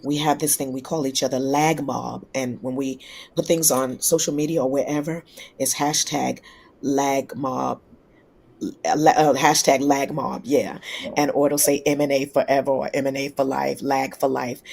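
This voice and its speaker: Low, gravelly-voiced woman telling stories. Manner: lively anecdotes, acts out quoted voices. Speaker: singer guest. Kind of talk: casual interview storytelling.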